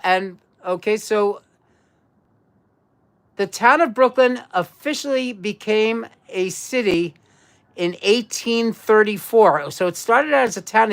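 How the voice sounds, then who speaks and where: A woman hosting a casual live-stream trivia quiz, chatty and repeating herself as she talks to viewers. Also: mid-range voice. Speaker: livestream trivia quiz host.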